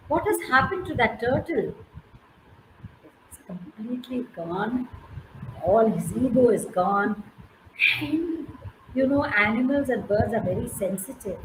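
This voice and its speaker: Slow, high-voiced Indian woman storyteller. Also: echoey room, a little hiss or hum, poor audio. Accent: Indian English. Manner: animated, coaxing, praising by name. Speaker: storyteller teaching a class. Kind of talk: interactive storytelling with questions to listeners.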